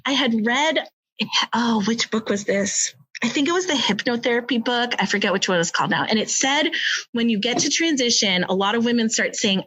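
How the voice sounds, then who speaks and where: A woman in her thirties with an American accent, telling her birth story in casual podcast chat, animated and laughing, full of fillers. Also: on the high side, a little fast, slightly rough. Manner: animated, many fillers, acts out quotes with laughter.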